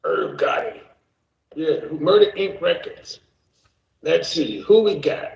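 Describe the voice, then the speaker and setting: A man's voice: on the high side, big pitch swings, slow, gravelly, pauses often, roomy sound, slight background noise, rough recording. A man hosting a casual reaction stream, joking around, cursing and laughing often. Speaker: streamer host.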